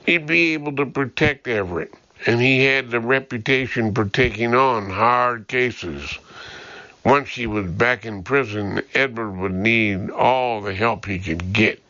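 Slow bright-toned guy reading an audiobook, dry dull lo-fi sound. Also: mid-range voice, dry recording. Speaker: audiobook narrator. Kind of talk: scripted narration.

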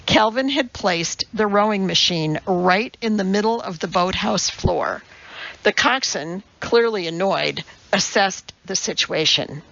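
A woman narrating a novel as an audiobook in a measured, even storytelling manner. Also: mid-range voice, gravelly, dull audio. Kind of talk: scripted narration.

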